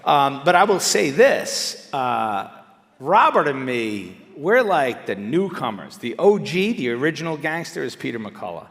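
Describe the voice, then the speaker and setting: A middle-aged man speaks to a live audience at an ordinary pitch, loose and conversational. He swings from loud emphatic bursts to quiet, muttered asides. His voice rings with the long reverb of a large hall. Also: very animated, a little slow, vocal fry. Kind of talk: public speech. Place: large indoor venue.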